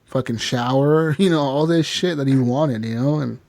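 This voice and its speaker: A man's voice: mid-range voice, normal speed, creaky, darkish tone, no echo. Rambling, profane male podcast host. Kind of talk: casual gaming podcast chat.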